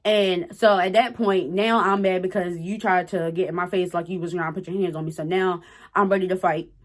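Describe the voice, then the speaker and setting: A woman's voice: on the low side, fairly even intonation, brisk. A woman in her twenties telling a personal story to her viewers in a blunt, profane, emphatic way. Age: 20s. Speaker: storytime vlogger. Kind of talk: casual storytelling to camera.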